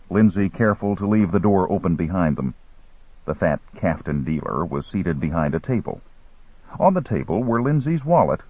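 Brief: low, husky male narrator, very animated pitch, phone-like sound. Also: no echo. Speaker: audiobook narrator. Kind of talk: scripted novel narration. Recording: tinny phone-like line, dry.

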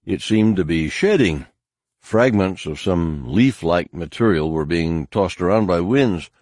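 Male audiobook narrator, deep and measured, dry booth sound. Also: no echo. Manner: measured, even storytelling.

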